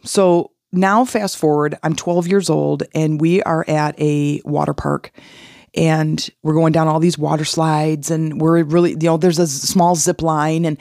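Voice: mid-range voice, unhurried, no room sound. Dry-voiced podcast host telling a story. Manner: animated, acts out quoted voices. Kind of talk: personal storytelling.

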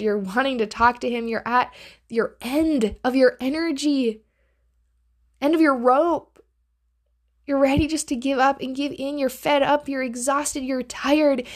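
A woman hosting a devotional podcast, reading and teaching from the Bible in an earnest way. She often drops to a hushed near-whisper on key phrases. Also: fairly high pitch.

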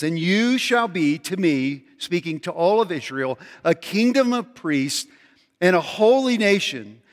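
High-voiced man preaching in a hall. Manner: conversational, animated, mimics voices in scripture. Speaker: pastor. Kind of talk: sermon.

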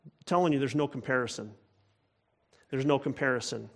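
A man's voice: mid-range voice, brisk, vocal fry. A man preaching a sermon, earnest and emphatic, often repeating phrases for weight. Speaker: pastor.

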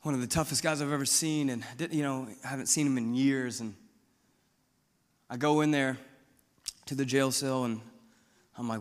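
A man's voice: medium pitch, steady tone, normal speed, pauses often, in a large hall. A pastor from Missouri preaching a sermon, telling his testimony in a bold, outspoken, conversational way.

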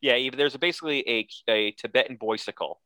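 A man's voice: mid-range voice, quick pace, sharp tone, clear, resonant tone, no echo. A man co-hosting a casual podcast, recapping a cartoon episode and breaking into silly character voices. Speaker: podcast co-host.

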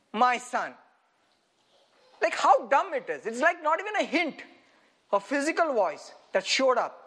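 His voice is very high as he preaches with animation, frequently breaking into laughter and asking the audience rhetorical questions.

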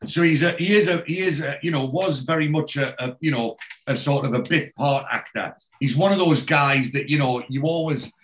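A man's voice: a little high, moderate pace. A man hosting a podcast, casually recapping a TV episode in a rambling way, full of "you know" and restarts. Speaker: podcast host.

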